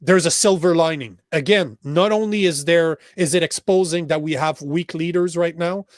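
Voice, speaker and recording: An emphatic man with a Quebec French accent, talking politics on a podcast with a fairly high voice. He swears freely and restarts sentences as he pushes his point. The sound is dry and close. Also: normal speed, no echo. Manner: emphatic, profane, restarts often. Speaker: podcast host. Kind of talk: casual political chat.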